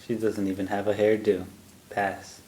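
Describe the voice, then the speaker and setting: A man on a casual podcast who chimes in with short, crude jokes and quick agreement. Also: fairly low pitch, little pitch movement, warm tone, a little hiss or hum, rough recording. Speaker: podcast co-host.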